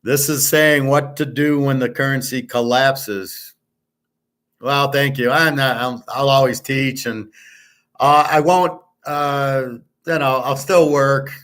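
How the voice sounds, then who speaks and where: With a mid-range voice and fairly bright tone, an older livestream host speaks straight to a viewer. He rants bluntly, swears, and hammers his points home through emphatic repetition.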